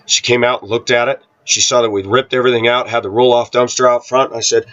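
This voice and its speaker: A man talking casually to his viewers, telling a rambling personal story and often clearing his throat. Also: medium pitch, flat delivery, fast talker, few pauses, a bit bright, highs cut off. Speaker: vlogger. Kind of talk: casual monologue to camera.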